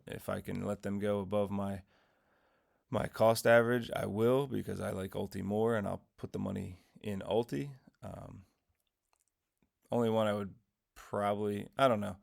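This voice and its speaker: This is an unhurried man with a lowish, creaky voice and a steady tone. He's hosting his investing channel, rambling casually through a weekly recap of his trades and dividends in his morning voice. He keeps correcting himself and slips in dad jokes.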